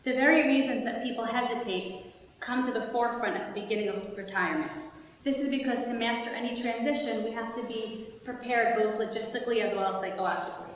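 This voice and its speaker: A fairly high-voiced woman gives an earnest community talk, walking listeners through examples and stories. She is picked up from far off in a big hall with a long, ringing echo and steady background noise. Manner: earnest, explains with stories and examples, occasional restarts. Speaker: speaker on retirement transitions. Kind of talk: community talk with audience questions. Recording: echoey hall, distant mic, background noise.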